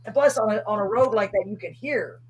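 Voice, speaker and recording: A woman hosting a live chat show, telling ghost stories in a lively way and acting out what she said back then. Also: mid-range voice, brisk, a little hiss or hum. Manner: animated storyteller, acts out her own past words. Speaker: host.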